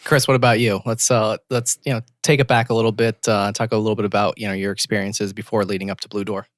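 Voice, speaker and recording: A man's voice: lowish voice, little pitch movement, fast, dry recording, studio quality. A man hosting a podcast, asking his guest questions in a loose, easygoing way. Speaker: podcast host. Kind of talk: interview questions.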